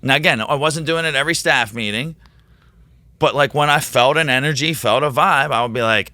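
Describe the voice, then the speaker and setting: Guy teacher rambling excitedly on a podcast, bright crisp voice, dry close sound. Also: medium pitch, fairly quick, no room sound. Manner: rambling, excitable, quotes himself in animated voices. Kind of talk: casual storytelling in a podcast interview.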